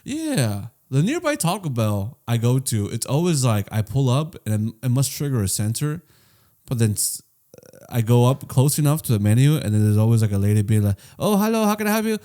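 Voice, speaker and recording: A man's voice: medium pitch, sing-song, normal speed, warm tone. Emphatic swearing man. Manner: emphatic, profane, says man a lot. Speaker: podcast co-host. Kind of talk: casual chat.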